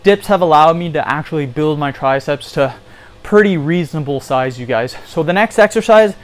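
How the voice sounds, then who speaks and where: A man with a fairly high voice talks through a casual home workout tutorial. He is chatty and encouraging, keeps addressing his viewers directly, and sounds slightly out of breath. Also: animated, moderate pace. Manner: chatty, repeats "you guys", encouraging. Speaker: fitness vlogger.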